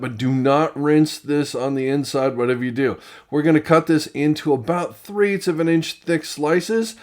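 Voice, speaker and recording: A man's voice: on the high side, reverberant. Chatty man hosting a cooking show. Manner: chatty, self-deprecating asides. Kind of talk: casual cooking demonstration. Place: outdoor grill and home kitchen.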